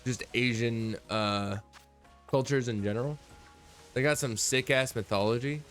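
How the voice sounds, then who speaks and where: A man chatting casually on a stream, rambling and laid-back and swearing freely. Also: mid-range voice.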